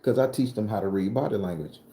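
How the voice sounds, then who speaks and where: A man telling a personal story in a casual, profane way, moving between calm telling and loud outbursts. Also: fairly low pitch, fast, roomy sound, a little hiss or hum. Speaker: vlogger and tarot reader.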